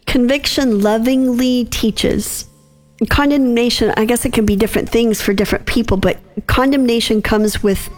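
A woman in her thirties giving a gentle devotional reflection as host, unhurried and soft with small laughs. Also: on the high side.

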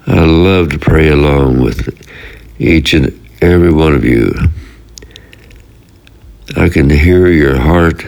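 A man from Texas calling in, speaking slowly and gently with a heartfelt tone. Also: a bass voice, vocal fry. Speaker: caller. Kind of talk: phoned-in prayer request.

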